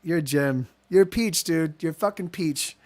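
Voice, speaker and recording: A music streamer chats to his viewers between songs in a loose, rambling way, often restarting his sentences. His voice sits fairly high for a man. A guitar is clearly heard behind him. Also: normal speed, a little mellow. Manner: rambling, self-interrupting, chatty. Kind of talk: live-stream chat and singing to guitar.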